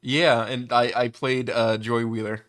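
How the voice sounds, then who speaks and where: Bright-voiced laid-back young man. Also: mid-range voice, flat delivery, measured pace. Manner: laid-back, joking, self-deprecating. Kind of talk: casual chat.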